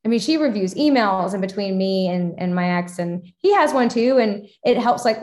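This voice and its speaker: A woman's voice: on the high side, lively intonation, a little slow, hardly any pauses. A woman hosting an interview, talking casually about her own parenting, chatty and personal, with many fillers. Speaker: podcast host and parent.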